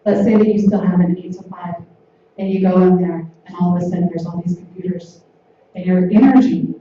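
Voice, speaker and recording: A woman giving a gentle, repetitive spiritual talk from a conference stage. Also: lowish voice, steady tone, brisk, slight background noise. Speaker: conference speaker. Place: large hall on stage. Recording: echoey hall from far off, dull lo-fi.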